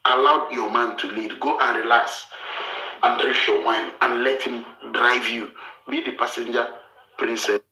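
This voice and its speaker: A man's voice: medium pitch, steady tone, measured pace, reverberant, rough recording. A man from Africa hosting a show, giving blunt, lecturing relationship advice and repeating his points. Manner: forceful, lecturing, repeats himself.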